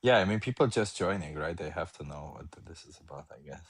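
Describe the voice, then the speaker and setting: A man's voice: deep voice, expressive, quick pace, breathy edge. A man co-hosting a live stream, chatting casually and reading out comments from the chat.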